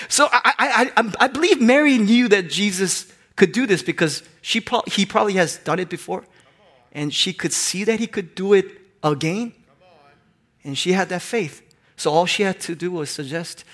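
A man's voice: sits high, moderate pace, a bit bright. A male pastor preaching a sermon, telling funny stories and acting out little voices. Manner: playful, acts out voices in anecdotes. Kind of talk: sermon with humorous storytelling.

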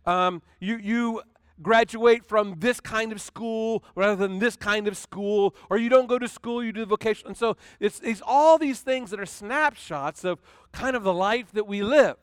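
High-voiced pastor preaching conversationally. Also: male voice, moderate pace, clear, resonant tone, no room sound. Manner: conversational preaching with frequent restarts and dramatic recitation. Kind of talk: sermon.

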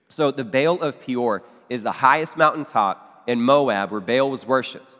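A man's voice: medium pitch, lively intonation, normal speed, fairly bright tone. A man preaching a teaching sermon in a church, talking conversationally and checking in with the listeners. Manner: conversational teaching with asides and questions. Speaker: pastor. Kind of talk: expository sermon. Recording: long hall reverb.

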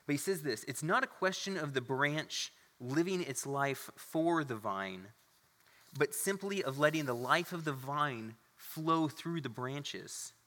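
A man's voice: on the high side, lively intonation, unhurried, pushed and bright. A man preaching a sermon as pastor, earnest and conversational, with asides to the congregation. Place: church sanctuary. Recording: long hall reverb.

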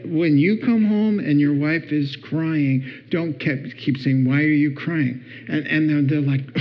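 A middle-aged man giving a humorous talk on marriage, lively and acting out little scenes in different voices. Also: a little slow. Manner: animated, acts out voices with big pitch jumps. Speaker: speaker on marriage. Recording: dull lo-fi recording.

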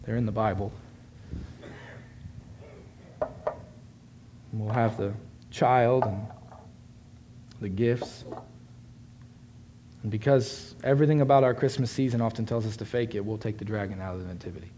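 A man preaching a Christmas morning sermon. His delivery swings from loud, ringing proclamation to soft, close confiding, and he acts out the people he quotes by raising his pitch. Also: moderate pace, pauses often, background noise. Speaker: pastor.

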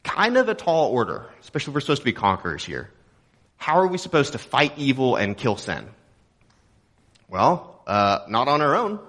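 A young adult man from Texas delivers a sermon in a relaxed, conversational way, with a middling pitch. He jokes with the congregation and keeps asking rhetorical questions. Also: moderate pace. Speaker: pastor. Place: church auditorium.

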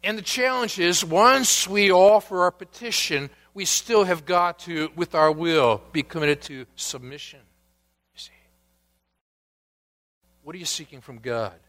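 A man preaching a sermon, asking the congregation questions and dropping to a hushed voice at times. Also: high voice, measured pace. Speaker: pastor.

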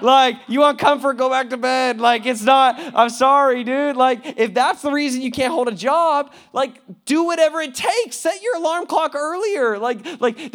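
High-voiced, casual, laughing young preacher. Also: male voice, a bit bright. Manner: casual, laughing, slangy preaching with big swings in volume. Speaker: pastor. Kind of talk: sermon.

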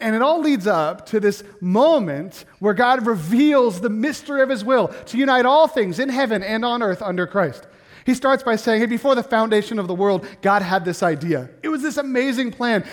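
A middle-aged man preaching a sermon in a church, animated and calling on the congregation to answer him. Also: high voice, long reverb tail. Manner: animated, asks the congregation to respond. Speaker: pastor.

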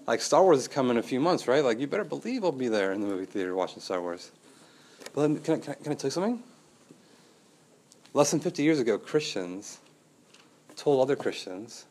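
A young adult man preaching a sermon as pastor, conversational and animated, asking the room rhetorical questions and acting out quotes. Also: medium pitch.

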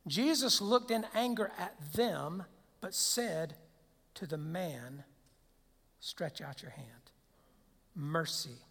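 A man's voice: fairly high pitch, slow pace, creaky, long pauses, fairly bright tone. A man preaching a sermon as pastor, conversational, with rhetorical questions and frequent restarts. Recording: long hall reverb.

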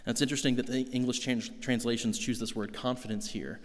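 A man's voice: mid-range voice, steady tone, fast talker, long reverb tail. A man preaching a sermon in an earnest, conversational way, asking the congregation rhetorical questions. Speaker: pastor.

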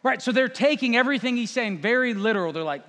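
A man preaching a sermon in a casual, conversational way, acting out the crowd and Jesus in quick asides. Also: extremely high pitch, lively intonation, pushed and bright. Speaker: pastor. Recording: long hall reverb.

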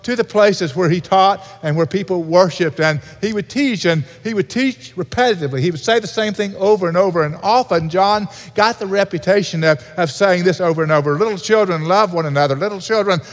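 A pastor delivering an earnest sermon in a church, repeating key points for emphasis. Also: male voice, high voice, brisk, few pauses. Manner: earnest preaching with repetition. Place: church sanctuary. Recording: reverberant hall.

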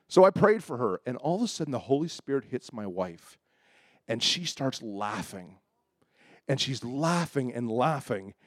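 A man's voice: mid-range voice, dry recording, clean studio sound. A man preaching a sermon, telling a personal story with acted-out dialogue and building to emphatic points. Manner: animated storyteller, acts out quoted voices, rising to emphatic preaching. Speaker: pastor.

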